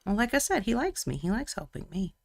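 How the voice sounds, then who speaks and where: A woman's voice: medium pitch, big pitch swings, brisk, vocal fry, a crowd in the background. A woman chatting casually and teasing her co-host while she paints miniatures on a live stream. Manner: chatty and teasing, often laughing.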